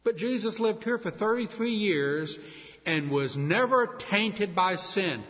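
A man's voice: high voice, expressive, slow pace. A man preaching a sermon, teaching through a Bible passage verse by verse with conversational asides. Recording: echoey hall, dull lo-fi sound.

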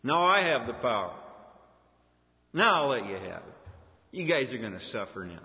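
Man putting on a gloating vengeful brother, slow low mocking threats, echoey hall, dull lo-fi sound. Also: sing-song.

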